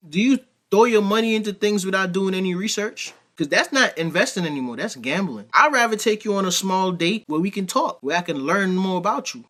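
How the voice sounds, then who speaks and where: This man talks high and lively, his voice swinging widely as he reacts. He has a bright, ringing tone and comments bluntly, with plenty of emphasis. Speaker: reaction video host. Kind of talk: casual commentary.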